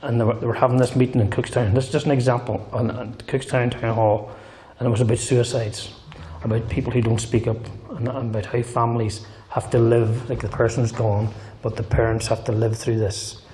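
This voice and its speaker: A middle-aged man from Northern Ireland, with the accent to match, gives his personal testimony in church, telling his story earnestly and emphatically and repeating key phrases. His medium-pitched voice has a dark tone and little pitch movement, and he speaks fairly quickly with few pauses. The hall sounds roomy, with faint guitar behind him.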